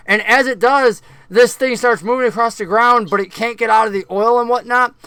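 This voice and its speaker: A man narrating and explaining rules as game master of a tabletop game, relaxed and patient. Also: sits high, smooth, no echo.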